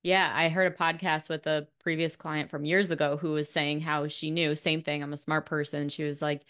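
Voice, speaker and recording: A woman's voice: low voice, level tone, moderate pace, a bit bright, clear, resonant tone. A woman hosting a podcast interview, affirming her guest and thinking aloud as she responds. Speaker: podcast host. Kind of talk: interview chat.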